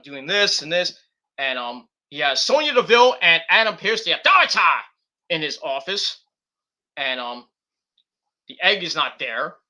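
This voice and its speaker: A man's voice: high voice, bright, forceful tone. A man streaming a casual, rambling recap of a wrestling show, full of ums and restarts. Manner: rambling, lots of fillers and restarts.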